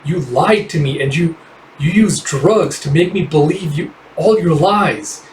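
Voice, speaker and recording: A man voicing a young woman made in a lab, super-strong and deeply wounded, in a raised put-on voice, on a roomy, distant mic. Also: measured pace, a little mellow, a little hiss or hum. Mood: hurt. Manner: raised-pitch put-on voice, emotional.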